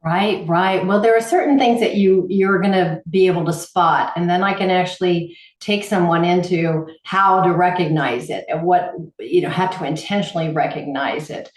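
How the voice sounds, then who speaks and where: A woman's voice: on the low side, moderate pace, few pauses. A woman guest, a holistic healer, telling stories in an interview and acting out the people she quotes. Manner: animated, acts out quoted voices. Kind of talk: interview storytelling. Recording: roomy echo.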